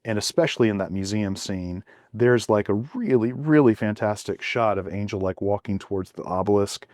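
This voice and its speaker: Low-voiced man chatting with many fillers. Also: a little mellow, no room sound, studio quality. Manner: halting, many fillers and restarts. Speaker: podcast co-host. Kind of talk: casual chat.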